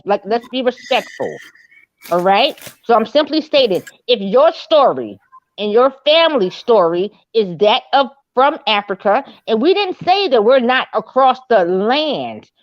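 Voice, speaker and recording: A woman's voice: high-pitched, dry recording. A woman arguing her point in a heated online audio debate, insistent and repetitive, asking others to be respectful. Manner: insistent, repeats herself, pleads for respect. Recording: dull lo-fi audio-room stream.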